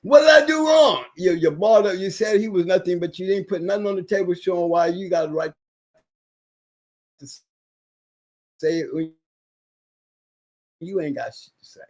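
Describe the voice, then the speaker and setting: A livestream guest who is recovering from illness rants emphatically in a casual chat, repeating himself for weight. His voice sits high and mellow, with fairly even intonation, a moderate pace and long pauses.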